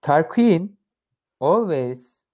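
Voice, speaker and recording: A man's voice: on the high side, expressive, a little mellow. A man learning English in a one-on-one lesson, reading example sentences and searching hesitantly for words. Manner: hesitant, halting, many fillers while searching for words.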